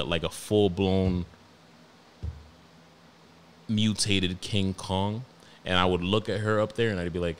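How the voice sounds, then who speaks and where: A young man with a New York accent, hosting a podcast and telling stories about his toddler in a profane, animated, slangy way. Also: low-pitched, a little hiss or hum. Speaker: podcast host. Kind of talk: casual storytelling monologue.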